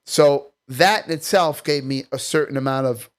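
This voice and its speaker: A man from Staten Island, a comedian guest telling stories in casual, profane chat. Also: mid-range voice. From Staten Island, New York. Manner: profane, rapid storytelling.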